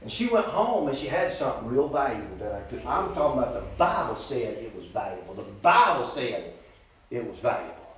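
Middle-aged man, pastor, sermon that rises loud then falls hushed, echoey room. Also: medium pitch, very animated, a little fast, a little hiss or hum. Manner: swings between loud, rising preaching and quiet, joking asides.

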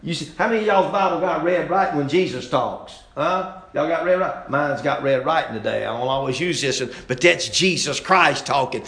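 A man preaching a fiery sermon, jumping from loud outbursts to low, quiet asides. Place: church sanctuary. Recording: roomy church echo.

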